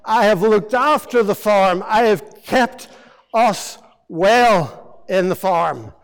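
A preacher voicing a sulky elder son who complains indignantly, in an echoey hall. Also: male voice, high-pitched, expressive, slow pace, full character voice. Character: resentful elder son, sulky farm worker.

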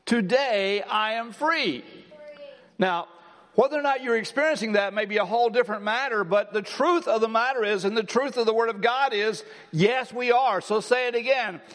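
A man preaching a Christmas sermon as pastor, swinging between emphatic, rising declarations and slow, soft reflection. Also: extremely high pitch, long reverb tail. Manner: builds to emphatic, rising lines, then slows and softens. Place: church sanctuary.

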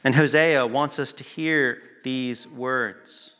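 A man preaching a sermon, earnest and emphatic, pausing to stress words and sometimes restarting a phrase. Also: mid-range voice, fairly even intonation, sharp tone.

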